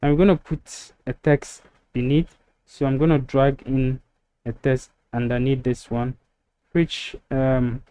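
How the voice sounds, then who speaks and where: A web design tutor walks through building a website step by step, narrating over a screen recording with frequent ums. His medium-pitched voice has a dark tone, and the recording is dry.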